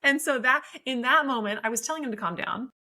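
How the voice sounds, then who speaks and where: A woman's voice: sits high, fast, bright, forceful tone, low-quality recording. A woman in her thirties, a marriage and family therapist, explaining things in a friendly way and laughing easily as a podcast guest. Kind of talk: podcast interview.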